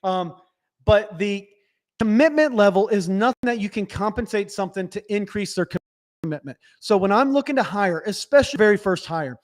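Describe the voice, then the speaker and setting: A man with a notably high voice gives blunt, practical business coaching on a live stream. He speaks straight to his audience and keeps checking that they follow him. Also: animated, moderate pace. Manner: direct, instructive, frequent "right?" check-ins. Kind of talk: live webinar teaching.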